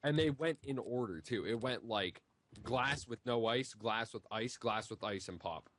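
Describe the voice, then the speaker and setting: A young man on a voice call, casually telling long stories in a rambling way, filling every pause with "like". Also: medium pitch, a bit bright, slight background noise. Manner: rambling, heavy use of "like". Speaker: guest on group call. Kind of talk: casual storytelling.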